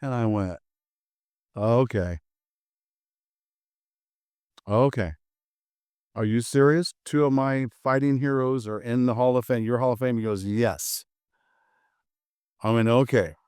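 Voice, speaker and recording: A man's voice: mid-range voice, steady tone, moderate pace, darkish tone, clean tone, no room sound, studio quality. An older American man, a martial arts instructor, telling a story casually and acting out both sides of old conversations. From USA.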